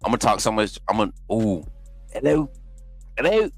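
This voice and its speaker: A live-stream host chats loosely with his viewers, talking to the live chat, then poses as a polite recruiting coach on a prank phone call. His voice is on the low side, steady and a bit bright, and he talks quickly. There's no echo, just soft background music.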